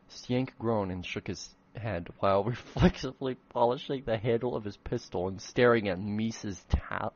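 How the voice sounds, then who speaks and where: A man's voice: fairly low pitch, lo-fi sound. A man reading his own old fan fiction aloud in a comedic dramatic reading, breaking off for self-mocking, swearing asides.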